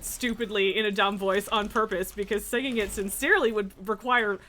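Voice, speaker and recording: A woman's voice: medium pitch, steady tone, fairly quick, fairly bright tone. A woman streaming a game, chatting casually, laughing often and swearing freely. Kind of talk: casual chat while gaming.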